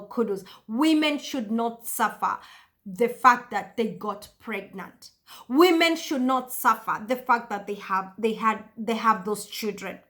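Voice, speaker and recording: A woman's voice: on the high side, bright, forceful tone. A woman vlogger talking straight to camera in a passionate, emphatic, repetitive way. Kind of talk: casual monologue to camera.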